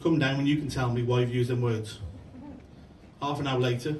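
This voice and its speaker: A man's voice: medium pitch, fairly even intonation, brisk, a little mellow, recorded from a distance. Man doing rambling stand-up. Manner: rambling, chatty, swears freely, loses his place. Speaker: amateur stand-up comedian. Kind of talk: stand-up joke telling. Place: function room before a laughing crowd. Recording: echoey room recorded from afar, noisy.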